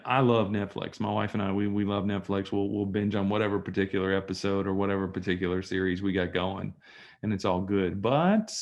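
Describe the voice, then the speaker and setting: Gravelly-voiced man leading an online workshop. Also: lowish voice. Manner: animated storytelling, acts out dialogue. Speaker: trainer. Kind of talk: live online workshop talk. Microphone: video call.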